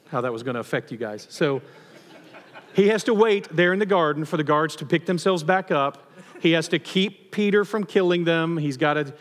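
A male pastor with a fairly high voice preaches in a large hall, telling stories in a lively, conversational way with bits of humor.

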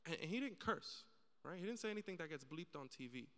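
A man's voice: on the high side, lively intonation, quick pace, sharp tone, big-room sound. A man speaking earnestly on a church panel, telling stories and acting out the people in them. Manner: earnest storytelling, acts out quoted voices.

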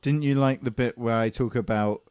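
A man guesting on a podcast, with a smooth, clear voice at a middle pitch. He jokes in a playful, mock-earnest way, as if his silly bits were serious, all in casual banter. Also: fairly even intonation, normal speed, darkish tone.

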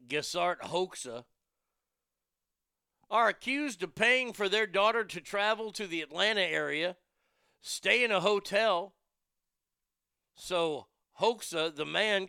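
Male podcast host, crude ranting comic, slightly high voice with a smooth ring. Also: bright, forceful tone, dry recording, clean studio sound. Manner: profane, outraged and mocking. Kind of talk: crude comedic news rant.

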